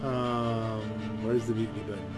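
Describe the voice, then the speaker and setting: A man's voice: on the low side, fairly even intonation, moderate pace, over loud music. A man giving casual gameplay commentary, reading in-game dialogue aloud and muttering asides to himself. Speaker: let's play gamer.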